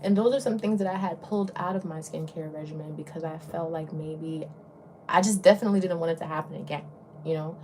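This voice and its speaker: Chatty young Southern woman, lowish voice. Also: fast talker, slight background noise. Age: young adult. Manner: rambling, chatty, drops to soft whispers. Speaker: beauty influencer. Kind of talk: casual get-ready-with-me chat.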